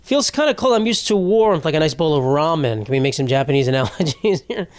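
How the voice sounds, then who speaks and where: Animated and quick, this young podcast host in his twenties has a fairly high voice and no echo around him. He riffs through a profane, rambling comedy monologue, restarting again and again.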